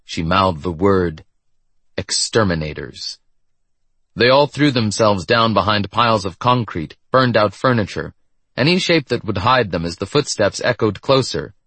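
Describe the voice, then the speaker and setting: A man with a husky voice reading a story in steady scripted narration. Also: lowish voice, moderate pace, no echo.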